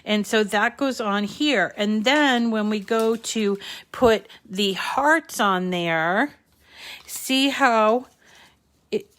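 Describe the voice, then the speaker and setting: A woman's voice: mid-range voice, very slow, a bit bright. A woman hosting a live paper-crafting tutorial, chatting casually with many ums and small restarts as she walks viewers through each step. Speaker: crafting channel host.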